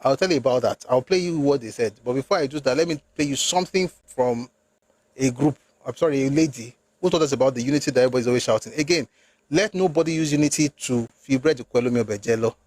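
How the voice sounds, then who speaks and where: In a darkish mid-range voice, quick and free of echo, a male political commentator holds forth with an opinionated monologue. Emphatic and rhetorical, he slips into phrases, code-switches between English and Yoruba, and erupts in indignant outbursts.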